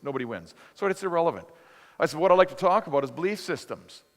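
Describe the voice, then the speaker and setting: A man preaching a sermon as a lively, conversational story, acting out both sides of a dialogue. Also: medium pitch, fast talker. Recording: long hall reverb.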